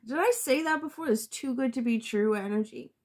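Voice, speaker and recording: A woman's voice: fairly high pitch, brisk, darkish tone, slightly rough. A woman giving a casual tarot reading to her viewers, blunt and sometimes profane, thinking aloud and restarting her sentences. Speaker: tarot reader.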